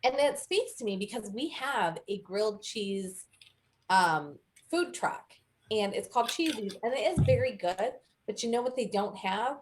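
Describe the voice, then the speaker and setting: Chatty woman co-host, rambling, laughs a lot, mid pitch. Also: lively intonation, unhurried, slight background noise. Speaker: podcast co-host. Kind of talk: casual chat.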